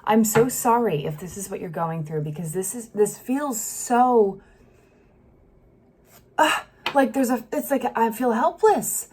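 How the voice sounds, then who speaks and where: This tarot reader's voice sits a little high, with a breathy edge and a somewhat mellow quality, and she keeps a measured pace. Her casual reading turns emotional as she acts out each feeling, sighing and trailing off mid-sentence.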